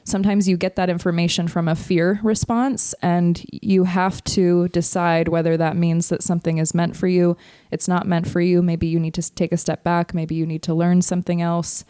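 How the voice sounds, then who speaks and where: A woman telling a story in a casual podcast chat, animated, laughing often and swearing freely. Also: lowish voice, normal speed, hardly any pauses, clear, resonant tone, dry recording, studio quality. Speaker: podcast co-host.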